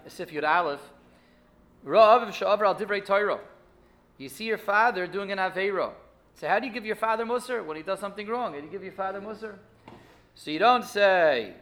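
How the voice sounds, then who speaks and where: Quick-talking rabbi teaching a class. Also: male voice, high voice. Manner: animated, rhetorical questions, frequent restarts. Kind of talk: Torah class lecture.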